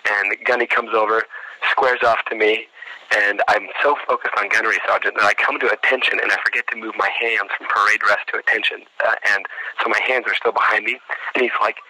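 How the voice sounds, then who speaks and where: A young man recounts a story in a casual, animated way, stumbling over restarts as he goes. His voice is piercingly bright and forward, and the recording is close and dry with no room sound. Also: fairly low pitch, fairly quick, dry recording, low-quality recording. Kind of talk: casual anecdote.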